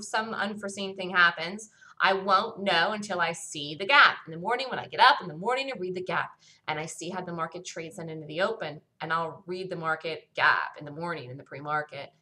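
A woman hosts a solo stock market review, her voice bright and a little tense at a mid pitch. She talks with firm conviction and keeps circling back to the same points. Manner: emphatic, self-assured, repetitive. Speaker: stock market show host.

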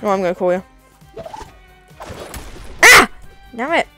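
Woman, high voice, very animated pitch, excitable gameplay commentary, frustrated griping. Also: a little slow, soft background music. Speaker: gaming video creator.

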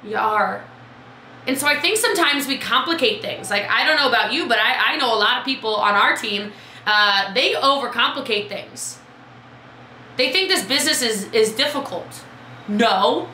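A woman coaching her team on a live video, chatty and lively, calling out viewers by name. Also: on the high side, normal speed, roomy sound, slight background noise, low-quality recording. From Texas. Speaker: business coach.

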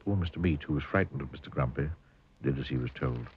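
A man narrating a children's cartoon story, playful and expressive, asking the listener questions. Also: extremely low pitch, fast, phone-quality sound, a little hiss or hum.

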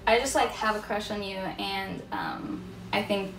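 A woman's voice: mid-range voice, a little slow, echoey room, distant mic, over music, low-quality recording. A young woman chatting casually in a giggly, flustered way. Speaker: creator. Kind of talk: casual chat.

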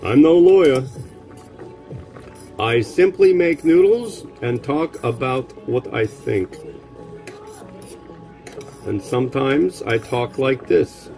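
A man talks through his cooking in an unhurried, drawn-out way, wandering off on wry, offhand tangents. Music plays clearly behind his voice. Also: medium pitch, mellow. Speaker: cooking show host. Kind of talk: casual chat while cooking. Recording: music playing underneath.

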